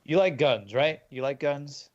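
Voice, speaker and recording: A man's voice: fairly high pitch, expressive, unhurried. A man playing in a tabletop game, easygoing and laughing often. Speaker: player. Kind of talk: casual tabletop play. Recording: dull, lo-fi mic.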